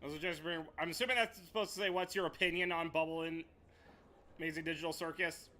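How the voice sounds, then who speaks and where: A man's voice: on the high side, steady tone, fast talker, sharp tone. A man streaming a game live, chatting casually with joking, profane remarks. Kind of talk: casual gaming chat.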